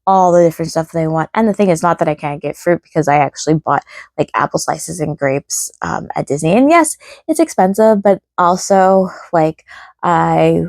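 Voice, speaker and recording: A woman's voice: sits low, expressive, moderate pace, creaky, darkish tone, dry recording. A woman vlogger chatting casually and rambling, with a chatty, self-deprecating manner. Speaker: travel vlogger. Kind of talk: casual vlog chat.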